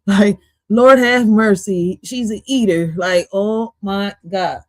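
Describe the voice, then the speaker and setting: A woman's voice: mid-range voice, slow pace, darkish tone, no echo. A woman reacting to a podcast clip on her stream, goofy and swearing, slipping into now and then. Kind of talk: casual reaction commentary.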